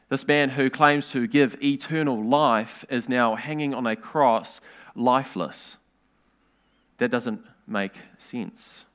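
A man preaching a sermon in an earnest, measured way, asking rhetorical questions. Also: medium pitch, fairly bright tone.

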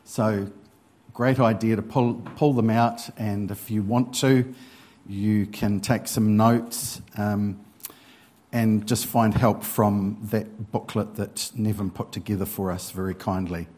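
A man preaching a church sermon, unhurried and hesitant, with frequent pauses and ums. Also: on the low side, steady tone, a little mellow.

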